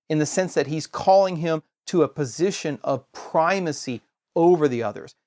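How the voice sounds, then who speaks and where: A man giving a scripture lesson in a steady explanatory way, posing rhetorical questions and pausing for emphasis. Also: on the high side. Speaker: Bible teacher.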